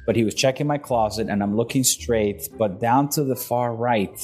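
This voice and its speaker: Animated storytelling man from Venezuela. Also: mid-range voice, moderate pace, soft background music. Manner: animated storyteller, acts out quotes and laughs. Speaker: interview guest. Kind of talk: storytelling in an interview.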